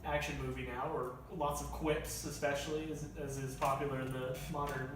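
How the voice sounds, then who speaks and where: A young man chatting about movies in a casual roundtable review, thoughtful and measured. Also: mid-range voice, flat delivery. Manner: thoughtful, measured, hams up quotes. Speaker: film reviewer. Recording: echoey room, distant mic, faint hiss.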